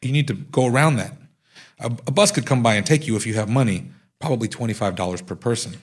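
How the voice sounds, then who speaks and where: A man's voice: medium pitch, quick pace, natural voice. A man voicing a brash, tough street smuggler. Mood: swaggering. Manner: streetwise slang, boastful. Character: huge tough male gang smuggler, brash and swaggering.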